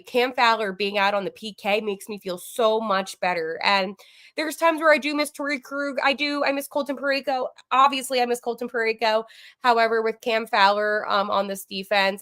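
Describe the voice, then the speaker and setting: Bright, gushing woman sports podcast host. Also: fairly high pitch. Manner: gushing and flustered, fast asides with fillers. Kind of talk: excited live post-game sports chat. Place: at home.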